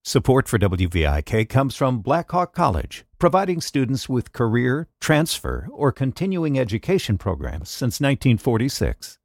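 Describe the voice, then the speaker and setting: Lively male station announcer. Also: medium pitch, normal speed, few pauses, dry recording, studio quality. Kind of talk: station identification and promos.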